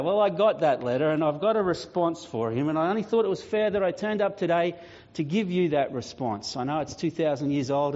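A man's voice: on the high side, a little mellow. A man preaching a sermon, addressing the congregation in a wry, conversational way. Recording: dull lo-fi sound.

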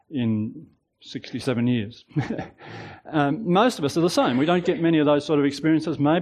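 A man's voice: mid-range voice, darkish tone, low-quality recording. Chuckling preacher in his sixties. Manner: conversational, chuckles at his own asides. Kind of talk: sermon.

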